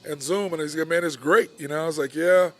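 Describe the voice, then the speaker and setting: Man, bar podcast host, laid-back storytelling, slightly high-pitched. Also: quick pace, crowd noise. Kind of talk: casual chat.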